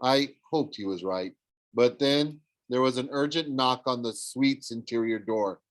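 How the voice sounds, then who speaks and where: A man reading a novel aloud, animated, with frequent slips and self-corrections. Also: medium pitch, measured pace, no echo. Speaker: audiobook reader. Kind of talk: storybook read-aloud narration.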